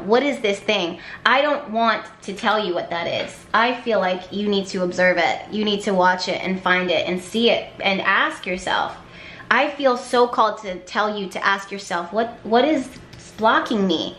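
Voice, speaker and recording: A woman's voice: mid-range voice, fairly bright tone, roomy sound, a little hiss or hum. A woman giving an intuitive tarot reading to camera, talking emphatically with repetition and flashes of exasperation. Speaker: tarot card reader.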